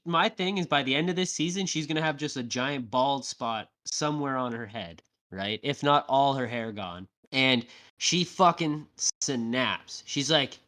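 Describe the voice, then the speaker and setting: A man recaps a TV episode on his podcast in loose, animated talk, peppered with swearing. His voice sits a little high for a man. He keeps checking in with his co-host through tag questions and acts out the characters' lines as he goes.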